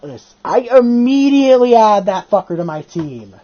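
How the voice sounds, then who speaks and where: A video host tells stories in an excited rush, the pitch swinging widely up and down. The talk is casual and full of swearing. The recording sounds dull and lo-fi. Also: normal speed. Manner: animated, excitable storytelling with frequent swearing. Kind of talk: casual chat.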